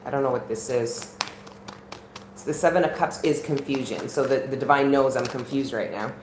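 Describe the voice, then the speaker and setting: A woman's voice: very deep voice, moderate pace, darkish tone. A woman reading tarot on a live stream at home, talking earnestly and chattily straight to her viewers. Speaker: tarot reader. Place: at home in the country. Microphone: camera on a live stream. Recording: roomy with faint background noise.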